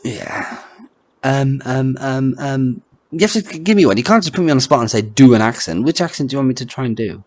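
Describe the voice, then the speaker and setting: Brief: male co-host, mid pitch, halting and self-doubting, dry close sound. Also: lively intonation, no room sound. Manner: hesitant, stammering restarts, laughs often. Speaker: podcast co-host. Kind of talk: casual chat.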